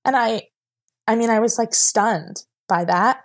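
A woman's voice: fairly high pitch, a little slow. A young woman telling a personal story as a podcast guest. She rambles emotionally, with many fillers, and sounds close to tears at times.

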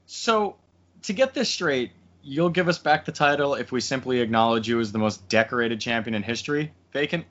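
A man voicing a frustrated male executive in a suit, speaking in a drawn-out, incredulous way. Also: medium pitch, animated, a bit bright, highs cut off, natural voice.

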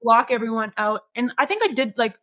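A young woman chatting on a podcast, soft and hesitant, with many fillers. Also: fairly high pitch, expressive, a little fast. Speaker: podcast co-host. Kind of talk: casual chat.

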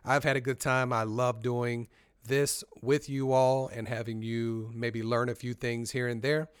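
A man's voice: mid-range voice, little pitch movement, measured pace, smooth, no echo, studio quality. A man hosting a podcast and giving a motivational talk on leadership. He speaks directly to his listeners in a conversational way. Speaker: podcast host.

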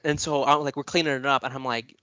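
A man's voice: medium pitch, fairly even intonation, fast talker, pushed and bright, dry recording, muffled recording. A man telling a long story in a casual chat, rambling with many fillers and frequent swearing. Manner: rambling, profane, lots of fillers.

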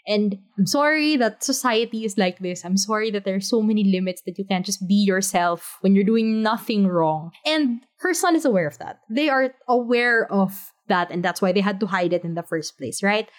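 A woman talking casually to camera about a drama she loves, gushing and emphatic, with plenty of "like" and "you know". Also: medium pitch. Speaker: drama reviewer. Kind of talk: casual video review. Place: her room.

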